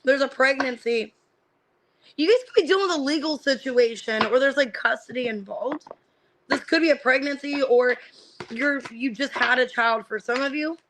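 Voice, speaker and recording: A woman giving a casual live-streamed tarot reading. She names the cards one by one and thinks out loud as she reads them, with lots of fillers. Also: sits high, normal speed, noisy background. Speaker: tarot reader.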